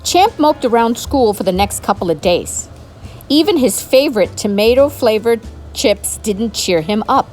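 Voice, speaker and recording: Woman reading a picture book aloud, very lively melody, faint music behind. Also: fairly high pitch, normal speed. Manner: animated, expressive storytelling. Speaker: storybook reader.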